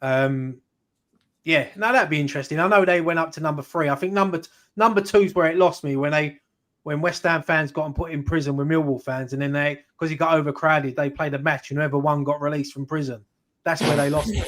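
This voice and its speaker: Rambling football fan. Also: male voice, fairly high pitch, steady tone, a little fast, fairly bright tone. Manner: rambling, anecdotal, swears casually. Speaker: fan channel co-host. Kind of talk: casual football chat.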